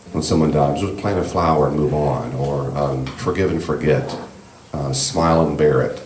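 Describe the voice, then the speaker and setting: A man leading a church class on grief, speaking in a gentle, reassuring, conversational way with many fillers. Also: a bass voice, echoey room, slight background noise. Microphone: room microphone.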